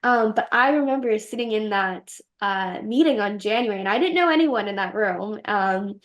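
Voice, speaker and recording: A woman's voice: mid-range voice, moderate pace. A young woman telling a story as an interview guest, bubbly and giggly, acting out her own reactions in quoted lines. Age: young adult. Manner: bubbly, giggly, quotes herself in animated voices. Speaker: podcast host and guest.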